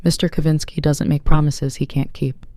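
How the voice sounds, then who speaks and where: A narrator voicing a gentle Russian housekeeper in her fifties. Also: medium pitch, little pitch movement, moderate pace, no room sound, lightly acted. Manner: gentle, soft-spoken. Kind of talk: scripted audiobook narration.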